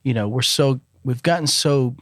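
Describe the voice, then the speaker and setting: A middle-aged man, a musician guest telling relaxed stories in a casual interview, with many fillers. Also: medium pitch, moderate pace, no echo, studio quality. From Alabama, US.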